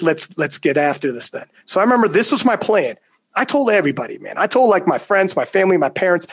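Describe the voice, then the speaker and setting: Husky man telling a profane story. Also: high voice, very animated, fast. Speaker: guest storyteller. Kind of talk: casual chat.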